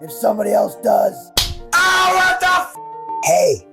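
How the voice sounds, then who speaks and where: A woman voicing a jumpy, easily scared cartoon character who panics and shouts. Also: medium pitch, sing-song, a little slow, loud music behind the voice. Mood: panicked.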